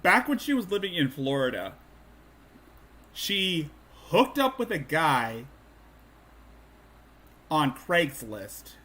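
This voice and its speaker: A man's voice: fairly high pitch, big pitch swings, takes it slowly, pauses often, sharp tone. A man hosting a commentary stream, talking in a sarcastic, mocking way with stumbling restarts. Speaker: streamer host.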